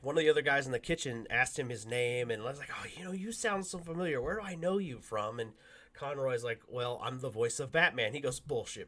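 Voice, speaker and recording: A man, co-hosting a casual podcast, telling a story and acting out the quotes with loud bursts and laughter. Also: mid-range voice. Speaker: podcast co-host.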